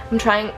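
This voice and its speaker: A young woman telling a story straight to a camera on a tripod in her apartment, rambling with lots of fillers and restarts. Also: fairly high pitch. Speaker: vlogger. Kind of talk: casual personal storytelling.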